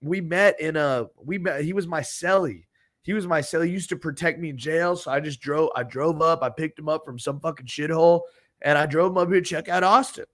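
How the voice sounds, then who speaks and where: An earnest, chummy young male sidekick, as a man puts him on, speaking up in a lifted, insistent voice. He stays above the narrator's usual pitch. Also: a little fast, fairly bright tone, natural voice.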